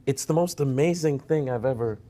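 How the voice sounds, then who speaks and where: A man's voice: mid-range voice, fairly quick, noisy background. A middle-aged man hosting an interview, asking thoughtful questions and speaking admiringly of his guest. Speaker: interview host, psychotherapist. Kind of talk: conversational interview.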